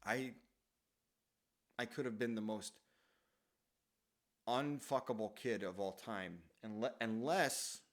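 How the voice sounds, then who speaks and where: A man's voice: lowish voice, slow, long pauses. A man in his thirties casually telling rambling, profane stories from his childhood in a self-deprecating way. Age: 30s. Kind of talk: casual storytelling monologue.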